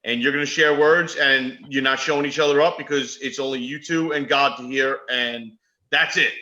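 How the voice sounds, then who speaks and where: A man's voice: mid-range voice, steady tone, moderate pace, bright, forceful tone, muffled recording. A man co-hosting a casual sports podcast who talks in a heated, blunt way and curses. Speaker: podcast co-host. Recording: echoey room.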